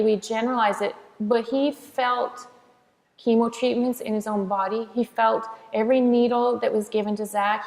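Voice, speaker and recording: Gravelly-voiced woman testifying in an echoing hall. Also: on the high side. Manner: earnest, emphatic, frequent restarts. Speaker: author and interview guest. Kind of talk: heartfelt faith testimony in conversation. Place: church. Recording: echoey hall reverb.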